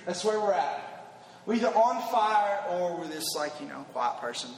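A man preaching an emphatic youth sermon that repeats its points and builds to shouts. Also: sits high, sing-song, moderate pace, vocal fry, roomy sound, in a large hall, slight background noise. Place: large hall with an audience.

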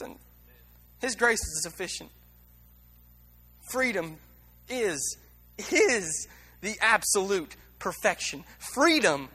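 A man's voice: very high voice, sharp tone, long reverb tail. A man preaching a sermon in a blunt, candid and emotional way, with many restarts and repeated words.

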